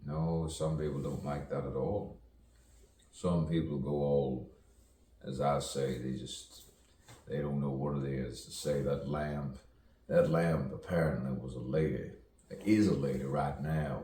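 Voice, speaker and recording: Very deep, slow man, roomy sound. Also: fairly even intonation, dark tone, slight background noise. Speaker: voice artist. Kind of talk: rambling spoken-word monologue. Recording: roomy, distant mic with faint ambience.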